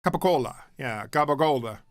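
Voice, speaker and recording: A man's voice: medium pitch, lively intonation, fairly quick, no echo, studio quality. A young man streaming and chatting casually, rambling, laughing often and swearing freely. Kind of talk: casual chat. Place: home streaming setup.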